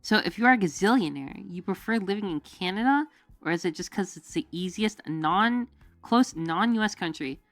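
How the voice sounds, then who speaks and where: A young-sounding woman streamer rambles through a casual chat with her viewers, full of fillers and giggles. She keeps breaking into silly voices to act out her stories, and her voice sits close and dry with soft music behind it. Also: mid-range voice, lively intonation, moderate pace, dry recording. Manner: rambling, filler-heavy, giggly, jumps into goofy quoted voices. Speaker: VTuber streamer. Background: faint background music.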